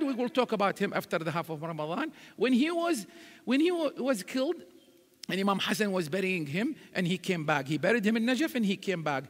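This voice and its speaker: High, husky-voiced man preaching. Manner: animated storytelling, quotes Arabic verses. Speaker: religious speaker. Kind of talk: live sermon. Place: large mosque hall. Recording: reverberant hall.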